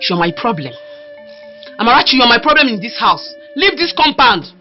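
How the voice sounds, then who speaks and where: Woman playing a combative young Nigerian woman, fast talker, lively pitch, lo-fi film sound with music. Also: close to an everyday voice. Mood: accusing. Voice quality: loud, combative. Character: hot-tempered young woman, bullying her sister. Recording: dull lo-fi film audio with music.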